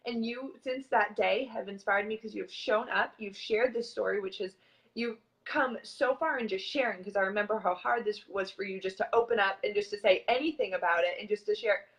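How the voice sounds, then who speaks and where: A woman's voice: mid-range voice, a little fast, fairly bright tone, poor audio. A woman host talking animatedly and emphatically as she recounts reaching out to her guest, in a conversational interview.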